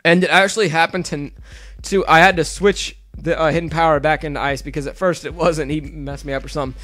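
A young man casually narrating his game battle over a home mic, excitable and swearing freely. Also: on the high side, fairly quick. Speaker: gaming video narrator. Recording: faint music underneath.

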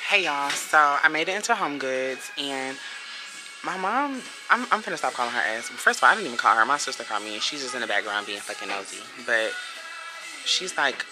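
A woman's voice: very deep voice, lively intonation, a little fast, music in the background. Blunt, cussing young woman vlogger. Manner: chatty, blunt and heavily profane. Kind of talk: casual vlog chat. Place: apartment, then out shopping. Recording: echoey with background noise.

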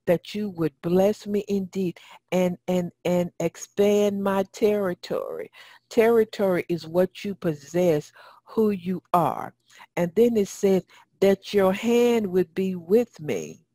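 A woman's voice: medium pitch, expressive, slow pace, dark tone, no room sound. A woman radio host giving a spoken teaching on prayer, talking straight to her listeners and repeating phrases for emphasis. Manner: addresses listeners directly. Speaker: radio talk show host.

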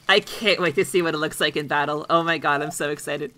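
A woman streamer chatting casually and excitably while playing a game, talking to the characters on screen. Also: fairly low pitch, normal speed, hardly any pauses, rough recording. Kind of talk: casual playthrough commentary.

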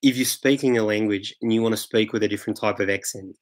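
A man's voice: on the low side, fairly even intonation, fast. A man hosting a live online Q&A, chatting casually and rambling with many fillers and restarts. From England. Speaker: host answering viewer questions. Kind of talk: live Q&A chat.

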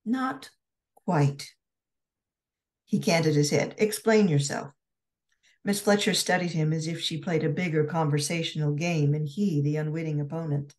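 A woman author narrating her romance novel in a steady, measured reading voice. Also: low voice.

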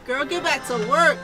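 A woman hosting a reaction video, chatting casually and laughing often while clip music plays behind her. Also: high voice. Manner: laughs often, animated exclamations.

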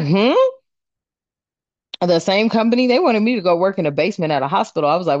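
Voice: medium pitch, big pitch swings, brisk, long pauses, dry recording, dull audio. A tarot reader giving a casual card reading, talking bluntly with plenty of swearing and rambling fillers.

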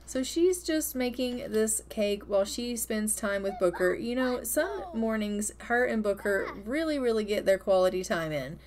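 A woman's voice: fairly high pitch, animated, normal speed, hardly any pauses, darkish tone, slight background noise. A woman narrating her life-simulation gameplay in a chatty, upbeat way, stretching and repeating words for emphasis. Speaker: gaming video host.

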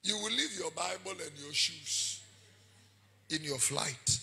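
A man preaching a sermon with a Ghanaian accent, shouting out warnings and switching between Twi and English. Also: on the high side, animated, takes it slowly, vocal fry, poor audio. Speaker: prophet preaching.

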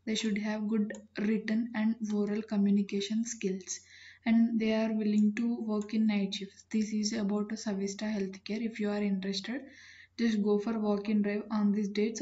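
A woman, hosting a channel and reading out job listings in a plain, businesslike way with frequent pauses. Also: mid-range voice, level tone, dark tone, dull audio.

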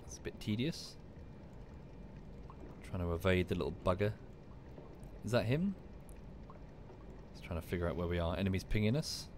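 A man's voice: deep voice, lively intonation, normal speed, pauses often, darkish tone, a little hiss or hum. A man from the UK chatting casually while streaming a game, with dry muttered asides. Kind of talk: casual gameplay commentary.

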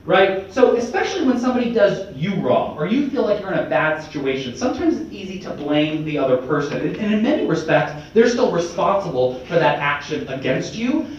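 High-voiced young man in an echoey hall. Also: a little fast, few pauses, recorded from a distance, slight background noise. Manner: energetic, conversational, often asks "right?". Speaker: state representative giving a talk to students. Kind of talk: motivational speech. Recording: echoey hall, mic from afar, dull.

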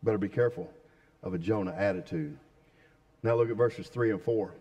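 A man's voice: medium pitch, very animated, a little fast, creaky, pauses often, mellow. A male pastor preaching a sermon, emphatic and putting questions to the congregation.

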